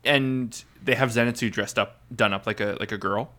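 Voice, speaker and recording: A man's voice: lowish voice, fairly even intonation, moderate pace, sharp tone. A man co-hosting a podcast, chatting casually about an anime episode with many fillers and restarts. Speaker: podcast co-host. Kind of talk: casual chat.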